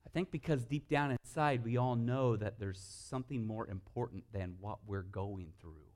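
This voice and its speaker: A man preaching a sermon as pastor, telling humorous stories and swinging from hushed, earnest moments to loud, lively bursts. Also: medium pitch, normal speed.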